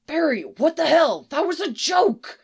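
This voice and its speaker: Woman doing a loud teasing young guy in a read-aloud story. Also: fairly low pitch, big pitch swings, fairly quick.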